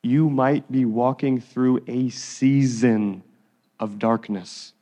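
A man preaching a sermon as pastor, earnest and pleading, reading scripture slowly. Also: medium pitch, fairly even intonation, mellow. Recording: long reverb of a hall.

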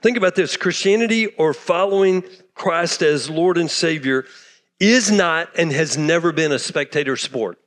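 Male pastor, sermon, fired up, drops to hushed asides; high-pitched, reverberant church hall. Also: moderate pace. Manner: impassioned, swings from loud to hushed. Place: church sanctuary.

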